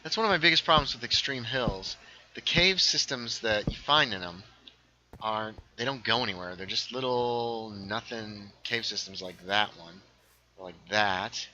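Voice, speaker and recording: A man streams a game in a casual, rambling way, reading viewer comments aloud and slipping in quick asides. His voice is very bright and sharp yet fairly low in pitch, and the audio is dull.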